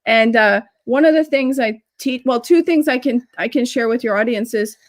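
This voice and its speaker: A woman coaching on business networking in a casual live-stream chat over a video call, talking in quick asides full of fillers. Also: on the high side, a little hiss or hum.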